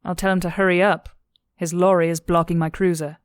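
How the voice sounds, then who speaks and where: A woman's voice: lowish voice, level tone, a little fast, no room sound, close to an everyday voice. A woman voicing a fierce young female police cadet who delivers cutting, contemptuous insults.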